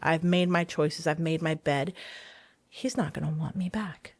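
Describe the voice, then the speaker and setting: A woman's voice: sits low, steady tone, a little slow, dry recording. A woman telling her personal story of faith as a guest in an interview, earnest and hesitant, often restarting her sentences. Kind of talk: personal testimony in a podcast interview.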